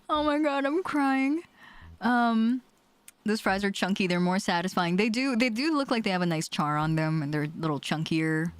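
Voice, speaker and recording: A woman's voice: medium pitch, normal speed, clean tone, dry recording. A woman streamer chatting casually on a livestream, giggling often, joking crudely and rambling with lots of fillers and restarts.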